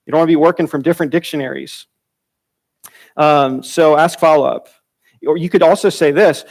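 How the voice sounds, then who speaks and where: A man's voice: brisk, gravelly, long pauses. A man teaching a church Bible class in a conversational way, often repeating and restarting phrases and acting out quoted dialogue. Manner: acts out quoted dialogue with sudden pitch jumps.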